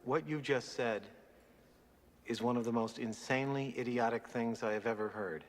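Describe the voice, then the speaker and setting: A man's voice: medium pitch, normal speed, natural voice. An actor playing a scornful man in a film.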